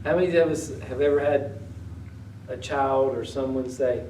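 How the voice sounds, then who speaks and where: A man's voice: mid-range voice, steady tone, moderate pace, mellow, slight background noise. A male pastor preaching a conversational sermon, reading old-style scripture aloud and then retelling it in everyday words while asking the congregation questions. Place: church sanctuary. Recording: echoey room, voice from a distance.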